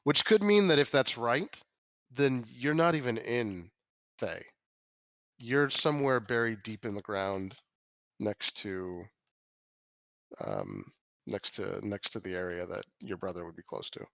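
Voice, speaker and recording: A man's voice: on the low side, animated, creaky, fairly bright tone, no room sound, muffled recording. A man narrating a tabletop role-playing game as game master, often restarting and correcting himself as he describes scenes. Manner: halting, restarts and self-corrections.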